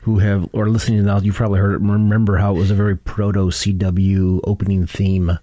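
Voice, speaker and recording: A man hosting a casual podcast, talking haltingly with many restarts. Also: on the low side, level tone, mellow, no room sound. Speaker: podcast host. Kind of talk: casual chat.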